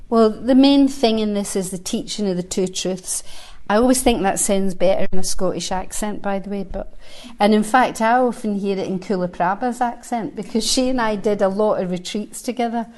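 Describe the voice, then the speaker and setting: Speaking to a live audience at a centre, a Buddhist teacher in her sixties offers a dharma talk in a mid-range, somewhat mellow voice at a moderate pace. Her manner is conversational and lightly humorous, and she reflects aloud between the verses she reads.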